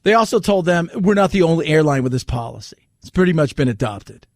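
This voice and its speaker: A man's voice: fairly high pitch, expressive, a little fast, no echo. A male talk radio host in his forties giving an indignant, sarcastic rant into a studio microphone. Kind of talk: opinionated talk radio monologue.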